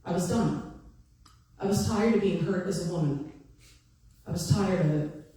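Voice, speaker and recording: A woman's voice: on the low side, measured pace, mellow. A woman in her fifties giving a candid, emphatic personal testimony to an audience, repeating short phrases for stress. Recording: echoey hall, voice from far off.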